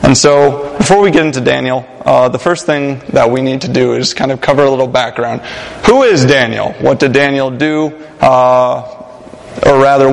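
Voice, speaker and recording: Young guy preaching, chill, lots of ums, church reverb, middle pitch. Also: gravelly. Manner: casual, joking, many fillers. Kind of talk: sermon. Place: church sanctuary. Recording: long hall reverb.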